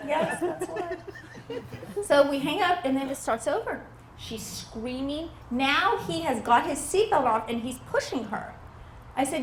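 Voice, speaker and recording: High-voiced woman doing stand-up. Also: normal speed, roomy sound, a little hiss or hum. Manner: animated storytelling, acts out family members. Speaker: stand-up comedian. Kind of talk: stand-up comedy set. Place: outdoor backyard show.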